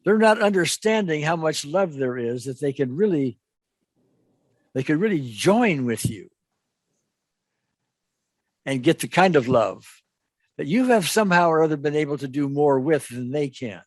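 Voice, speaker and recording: A man working as an EFT practitioner, talking a client through a guided imagery exercise with slow, gentle, repetitive coaching. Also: fairly high pitch, lively intonation, dry recording. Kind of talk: guided imagery therapy session.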